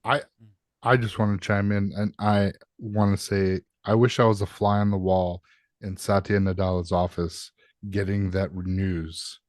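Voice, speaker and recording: Low-voiced man joking on a dry mic. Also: level tone, measured pace, no echo. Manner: joking, profane, riffing. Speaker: podcast co-host. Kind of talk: casual gaming podcast chat.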